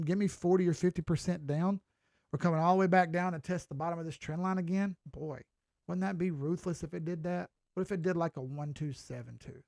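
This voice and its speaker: A folksy middle-aged man with a Southern drawl talks loosely through price charts, swearing now and then. His voice sits a little high and has a gravelly, fry-laden edge. The sound is close and dry, with no room echo. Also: darkish tone. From Southern United States. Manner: folksy, chatty, mild swearing. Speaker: crypto chart analyst. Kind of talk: casual market commentary.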